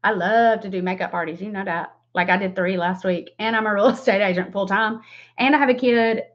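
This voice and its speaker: Fairly quick and mostly even in intonation, her mid-range voice carries a relaxed livestream makeup tutorial. She's a Southern US makeup vlogger in her forties who talks to viewers by name and laughs often, heard through dull lo-fi audio.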